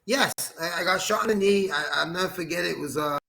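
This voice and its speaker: A man telling a personal story as an interview guest, animated, acting out quoted dialogue and laughing often. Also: high-pitched, quick pace, creaky. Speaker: guest, former boxer.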